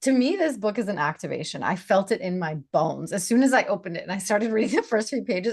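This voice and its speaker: A woman's voice: medium pitch, expressive, quick pace, few pauses. A woman hosting an interview, enthusiastic and affirming, often laughing as she talks. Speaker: host. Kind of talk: casual interview conversation.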